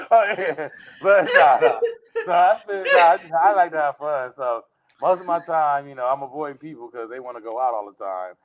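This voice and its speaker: Animated laughing man telling comic stories. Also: normal speed. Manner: animated, laughing, jumps into high mock voices for quotes. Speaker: guest. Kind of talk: casual comedic storytelling.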